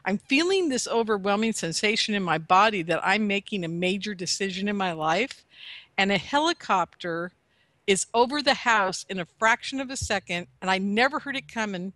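A woman casually telling a long personal story to a host, animated and chatty, laughing often. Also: mid-range voice, moderate pace, dry recording. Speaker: guest telling her story.

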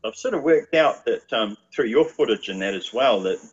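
A man's voice: medium pitch, lively intonation, normal speed, breathy edge, lo-fi sound. A man, chatting casually as a guest with a rambling manner and lots of fillers. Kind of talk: casual chat.

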